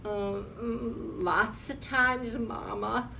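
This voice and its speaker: A woman's voice: medium pitch, slow pace, a bit bright, far from the mic, slight background noise. A woman voicing a huge, boastful male giant who bellows at the animals in a storybook read-aloud. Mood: whimpering. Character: huge bullying male giant, meek to his mother.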